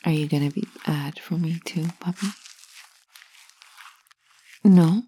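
A woman in a whispered role-play, speaking in a teasing, commanding way with a breathy whisper. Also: deep voice, takes it slowly, warm tone.

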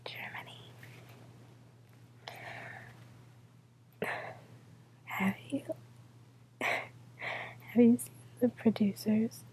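A tired, stuffed-up woman talking in a soft, rambling ASMR whisper late at night, close to the mic. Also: medium pitch, rough recording. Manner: soft whisper, rambling with ums and little laughs.

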